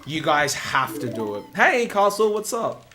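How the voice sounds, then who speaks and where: A man's voice: fairly high pitch, big pitch swings, unhurried, sharp tone, faint music behind. An Australian man, a speedrun streamer, chatting casually and rambling as he answers his live chat.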